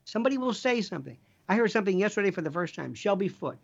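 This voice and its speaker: A middle-aged man with a gravelly, creaky voice holds forth as an interview guest. He talks in a rambling, emphatic way, jumping between side stories and jokes. The recording sounds a bit dull and muffled. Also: high voice, sing-song, rapid-fire. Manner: rambling, emphatic, digressive, jokey. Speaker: guest, former prosecutor. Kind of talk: animated conversational storytelling.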